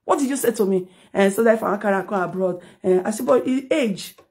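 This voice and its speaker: A middle-aged woman with a Nigerian accent, delivering a heated, accusing rant on a livestream that slips into pidgin and rises to shouts. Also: mid-range voice, a little fast. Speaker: social media commentator.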